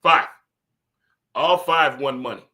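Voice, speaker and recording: A man hosting a casual solo sports talk stream, talking straight to his audience in an animated, repetitive way. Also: mid-range voice, slow. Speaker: host.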